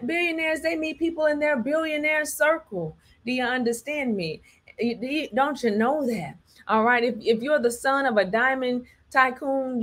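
Emphatic woman preaching to her viewers. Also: a little high. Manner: preachy, repeats "all right" and "do you understand me", acts out quotes. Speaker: host. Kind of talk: emphatic commentary monologue.

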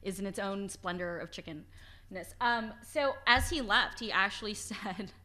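A woman author giving an informal lecture with slides, chatty and animated, laughing often and restarting her sentences. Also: medium pitch, measured pace, slight background noise. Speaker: author giving a book talk. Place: library event hall.

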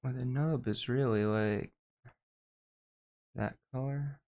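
Male streamer, easygoing, talks slowly to chat while working, casual cursing. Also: medium pitch, fairly even intonation, darkish tone, dull audio. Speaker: VTuber streamer.

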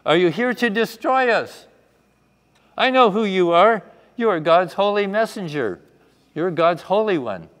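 A man's voice: sits high, lively intonation, measured pace, a bit bright, voice pushed up. A man doing a screaming demon. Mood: shrieking. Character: shrieking demon possessing a man, hostile, frightened. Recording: echoey hall.

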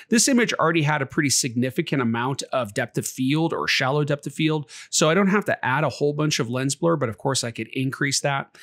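A man at mid pitch talks through a photo-editing program step by step, relaxed and conversational, often pausing on an uh. The sound is dry and close, with no room echo. It feels like a home desk screencast. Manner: relaxed, conversational, with frequent filler uhs. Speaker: photography channel host. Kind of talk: software tutorial screencast. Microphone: desktop mic, muffled at times while shooting.

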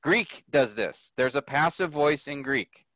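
A man teaching a grammar lesson to a group, slow and patient, often checking that the class follows. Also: medium pitch, expressive, fairly bright tone, no echo. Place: workshop room.

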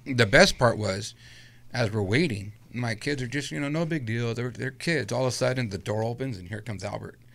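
A man's voice: medium pitch, a little fast, vocal fry. A middle-aged man telling a long personal story in a casual interview, acting out what people said. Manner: animated anecdote-telling with acted-out quotes. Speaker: guest storyteller.

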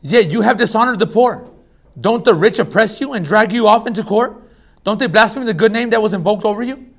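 A man preaching a sermon as pastor, casual and animated, swinging between loud bursts and hushed asides. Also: sits high.

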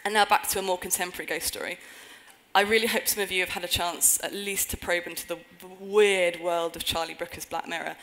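Woman, conference talk, fairly low pitch, earnest, wry asides, stage before an audience. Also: steady tone, quick pace, fairly bright tone, low-quality recording. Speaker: conference speaker.

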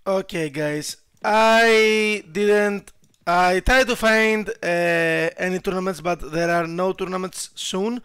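A young man giving casual gameplay commentary, excitable, swearing and shouting at his troops and laughing at himself. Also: high voice, takes it slowly, clean tone, no room sound, studio quality. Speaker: gaming YouTuber.

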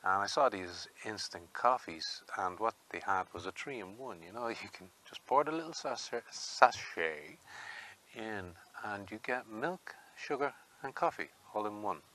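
A man's voice: fairly low pitch, animated, moderate pace, sharp tone. An Irish man vlogging in a rambling, chatty way and laughing often as he talks to viewers. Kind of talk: casual walking vlog.

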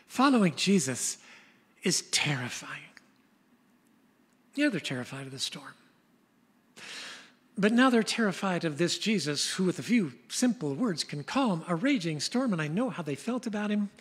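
Older woman pastor with a husky voice. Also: fairly low pitch, normal speed, in a large hall. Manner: storytelling, animated retelling of scenes. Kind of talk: sermon.

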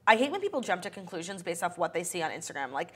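A woman's voice: fairly low pitch, very animated, racing, husky. Young woman, casual podcast co-host, chatty and loose. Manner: chatty, filler-heavy, swears casually. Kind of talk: casual chat.

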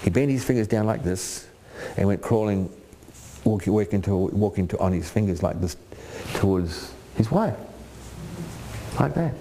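Emphatic older preacher with sweeping pitch. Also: male voice, animated, normal speed, long pauses, mellow, slight background noise. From Australia. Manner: emphatic, swings between high pleading quotes and low earnest asides, repeats "Amen?". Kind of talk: sermon.

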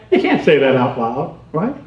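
A man giving a humorous seminar talk, animated and chatty, laughing often and acting out little scenes. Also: high voice. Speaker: comedy seminar speaker. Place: seminar room. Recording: roomy, muffled, distant hall recording.

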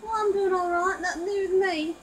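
A woman voicing a cheerful young woman sim character with a high, upbeat voice. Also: fairly even intonation, brisk, a little hiss or hum.

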